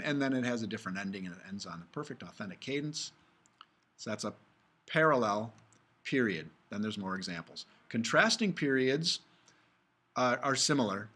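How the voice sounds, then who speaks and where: A man's voice: medium pitch, fairly bright tone. Casual male music theory lecturer. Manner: casual, talks through slides, hums and sings examples. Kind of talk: recorded video lecture.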